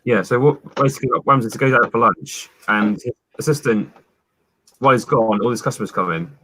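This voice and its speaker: Young guy, husky, bright, stammers, casual chat. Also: medium pitch, fairly quick, no room sound. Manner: hesitant, stammering.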